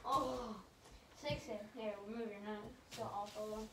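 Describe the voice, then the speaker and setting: A woman's voice: fairly high pitch, steady tone, a little slow. A young woman keeping score aloud during a casual game, chuckling as she talks. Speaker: knee hockey player and scorekeeper. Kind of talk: casual play-by-play banter. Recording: echoey room, distant mic, loud noise.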